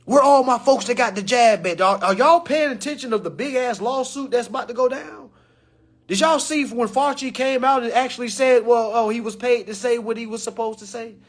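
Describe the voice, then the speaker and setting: A man ranting to camera in an animated, joking way, loud and slangy, calling out to his viewers. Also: very high voice, a little fast.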